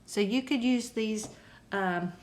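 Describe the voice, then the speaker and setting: A woman's voice: medium pitch, slow, reverberant. A woman teacher, patiently sounding out words in a phonics lesson for young kids.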